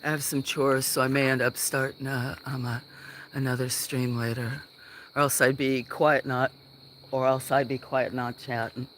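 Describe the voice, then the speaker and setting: A man's voice: medium pitch, little pitch movement, moderate pace, a bit bright, a little hiss or hum. A man hosting a casual livestream from a farm, rambling along with plenty of fillers. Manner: rambling, meandering with many fillers. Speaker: livestream host. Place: farm outdoors.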